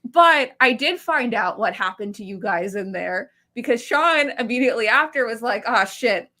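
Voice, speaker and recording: Bright, high-voiced young woman telling stories. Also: moderate pace. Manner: animated, swears a lot, many fillers. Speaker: podcast co-host. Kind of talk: casual podcast storytelling.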